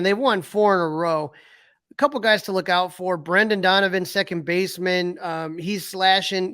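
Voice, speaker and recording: High-voiced man reeling off sports stats. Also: a bit bright, no room sound, studio quality. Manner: reels off stats with fillers and restarts. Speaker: podcast co-host. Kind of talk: casual sports talk.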